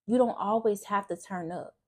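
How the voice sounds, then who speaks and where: A young woman talks openly about her faith and her past, earnest and emotional. Her voice is husky and of middle pitch. She speaks casually, often stopping to restart a sentence. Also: moderate pace, a little mellow. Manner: casual speech with frequent restarts. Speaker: faith vlogger. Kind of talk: personal testimony talk.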